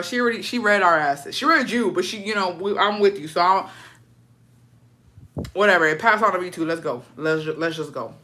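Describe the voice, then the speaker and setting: A woman's voice: medium pitch, brisk, pushed and bright. A woman telling stories in a casual chat, blunt and profane, switching between English and Spanish.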